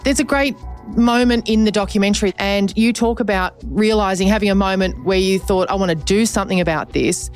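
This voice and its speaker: A woman's voice: medium pitch, a little fast, soft background music. A woman interviewer asking frank, conversational follow-up questions.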